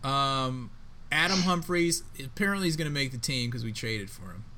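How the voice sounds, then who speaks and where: A man co-hosting a casual sports podcast, talking in an emphatic, excitable way with plenty of slang. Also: medium pitch, normal speed, noisy background. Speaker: podcast co-host.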